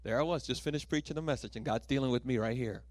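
A male pastor preaching a sermon with lively storytelling, acting out voices and laughing at himself. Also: mid-range voice, quick pace, no echo.

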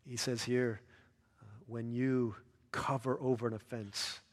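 A man preaching a sermon as a pastor, earnest, rising to loud emphatic peaks and dropping soft and low. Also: little pitch movement, unhurried, long reverb tail.

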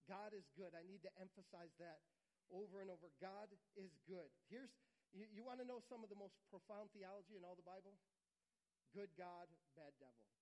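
A man preaching a sermon, earnest and repetitive, sometimes dropping to a quiet, intimate tone. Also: high voice, a little fast, rough recording. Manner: earnest, repeats phrases for emphasis, drops to quiet intimate tones. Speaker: pastor.

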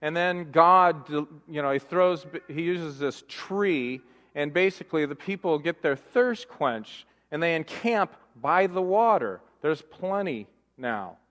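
A man preaching a sermon as pastor, animated, firing off rhetorical questions and mimicking grumbling voices for laughs. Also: a little high, slow pace. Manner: animated, rhetorical questions, mock-complaining voices for comic effect. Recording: long hall reverb.

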